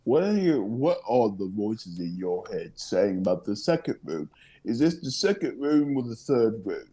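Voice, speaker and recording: A man's voice: lowish voice, sing-song, moderate pace, warm tone. A man playing in a tabletop game, asking curious questions and laughing easily. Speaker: player. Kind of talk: casual game chat.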